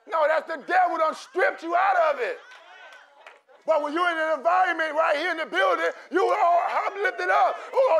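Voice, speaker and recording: High-pitched shouting preacher with gravelly voice. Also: male voice. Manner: preaching with shouted, call-and-response exhortation. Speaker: pastor. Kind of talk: sermon. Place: church sanctuary. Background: congregation in a church.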